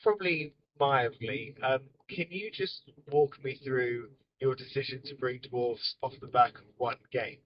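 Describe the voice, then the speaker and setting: A man's voice: mid-range voice, a little slow, highs cut off, slight background noise. Jokey man hosting from a car. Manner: jokey, rambling, laughs often. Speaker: podcast host. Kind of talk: casual chat. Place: inside a car.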